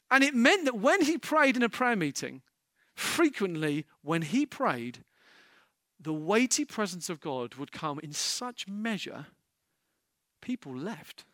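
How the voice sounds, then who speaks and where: A male pastor delivers an impassioned sermon. His voice sits high and rings bright, climbing to emphatic peaks. The sound is dry and close, with no room around it. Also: expressive, measured pace, no echo.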